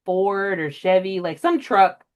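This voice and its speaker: A young woman hosting a casual book podcast, chatty and emotional, jumping way up in pitch when she acts out her own reactions. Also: measured pace. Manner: emotional, animated storyteller with big pitch jumps in quoted reactions. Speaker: podcast host. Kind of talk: casual chat.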